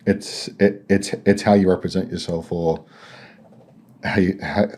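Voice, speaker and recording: A man's voice: deep voice, fairly even intonation, measured pace, a little mellow. A man hosting a podcast, talking hesitantly and mostly giving short agreeing replies in a casual chat. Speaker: podcast host.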